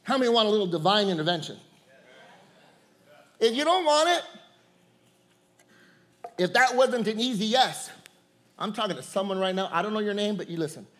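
Preacher guy w a really high voice, repeats himself, calls out to the crowd. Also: animated, normal speed, long pauses, fairly bright tone. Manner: repeats words, calls out to the congregation, laughs often. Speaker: pastor. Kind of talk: sermon.

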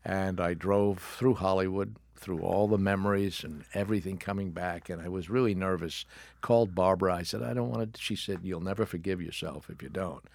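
A very low-pitched older man tells wry, animated anecdotes as a studio guest. His voice is recorded dry and close, with no room sound at all. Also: a little fast, vocal fry, no room sound. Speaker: guest, actor and author. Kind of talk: storytelling in a studio interview. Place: radio studio.

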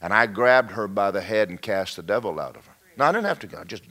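A man preaching a storytelling sermon, folksy and animated, with joking asides and sudden shouts. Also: fairly low pitch, fast talker.

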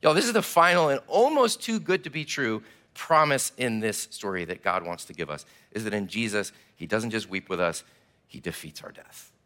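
A man preaching a sermon, telling the story with animated, acted-out delivery. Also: fairly low pitch, normal speed. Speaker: pastor.

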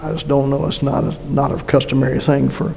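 A man's voice: medium pitch, monotone, brisk, creaky, mellow, soft background music. A man preaching a conversational sermon with a Massachusetts accent, folksy and joking, with frequent restarts. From North Carolina. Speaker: pastor. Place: church sanctuary. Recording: long reverb of a church hall.

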